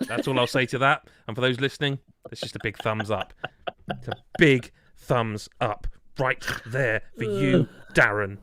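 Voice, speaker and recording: A man in his thirties hosting a podcast, loud, rambling and jokey. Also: mid-range voice, moderate pace, no echo. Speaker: podcast host. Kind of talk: casual chat.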